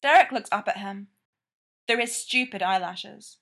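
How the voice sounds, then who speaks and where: Slow, measured woman reading a story. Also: mid-range voice, creaky, fairly bright tone. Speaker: reader of fan fiction.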